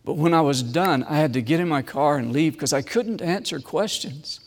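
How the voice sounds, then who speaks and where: A man preaching a sermon with personal testimony, swinging from loud emphasis to hushed, slow, repeated phrases. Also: a little high, in a large hall.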